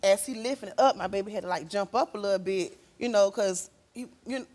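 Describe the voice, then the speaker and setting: A woman talk show guest, telling an emotional story and acting out quotes with sudden loud, high outbursts. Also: fast talker.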